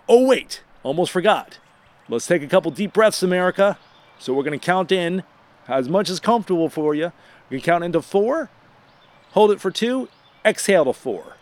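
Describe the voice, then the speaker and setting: A man hosting a casual radio show, telling a funny personal story in a lively, self-deprecating way. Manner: animated, self-deprecating, rises in pitch when excited.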